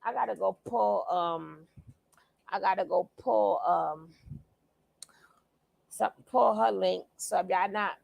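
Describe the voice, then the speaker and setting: A woman hosting a live stream, lively and greeting her viewers. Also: mid-range voice, slow pace, gravelly, long pauses, no echo. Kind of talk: casual chat.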